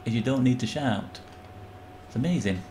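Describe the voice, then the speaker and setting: A man's voice: mid-range voice, moderate pace, warm tone, a little hiss or hum. A man streaming a game live, rambling and joking with his chat and yelping when things go wrong. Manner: rambling, jokey, breaks into yelps when panicking. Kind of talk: live gameplay commentary.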